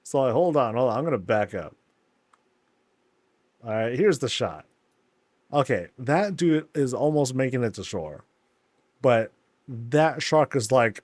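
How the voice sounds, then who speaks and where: A man giving laid-back, amused commentary while touring houses in a video game, often laughing and putting on quick silly voices. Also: mid-range voice, expressive, darkish tone, dry recording. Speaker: streamer touring player housing in a game.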